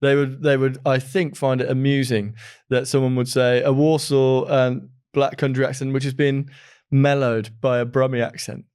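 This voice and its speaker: A man's voice: medium pitch, flat delivery, moderate pace, a little mellow, clear, resonant tone. A man from the Midlands hosting an interview podcast, chatty and enthusiastic, often laughing. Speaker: podcast host. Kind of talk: casual interview chat.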